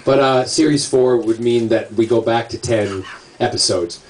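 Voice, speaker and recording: A man's voice: mid-range voice, moderate pace, far from the mic. A man in his forties, raised in Scotland but talking in an American accent, answering audience questions at a book signing in a playful, cheeky way. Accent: Scottish-raised speaker using an American accent. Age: 40s. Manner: playful, cheeky, laughs often. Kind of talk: casual Q&A chat. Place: bookstore event before an audience. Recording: crowded room with audience chatter.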